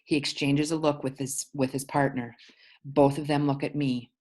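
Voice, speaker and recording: Deep-voiced woman teacher reading aloud. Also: little pitch movement, a little mellow. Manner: pauses to explain words. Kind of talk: reading a novel aloud to a class.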